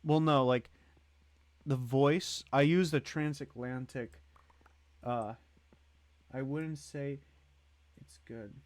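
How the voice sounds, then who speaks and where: A man's voice: mid-range voice, fairly even intonation, takes it slowly, pauses often, no room sound. A man hosting a livestream, chatting casually in a rambling way and greeting and thanking viewers in the chat. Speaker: livestream host.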